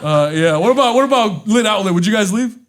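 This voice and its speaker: A man's voice: sits high, animated, quick pace, slight background noise. A young man, a podcast co-host, joking and teasing through banter on a live comedy show. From half Salvadorian.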